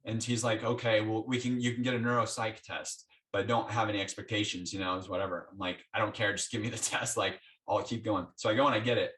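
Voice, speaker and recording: A man's voice: lowish voice, fast, few pauses, recorded from a distance. A man being interviewed, telling his story in a conversational way and acting out the dialogue he had with his doctors. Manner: animated, acts out quoted dialogue with doctors. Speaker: interview guest.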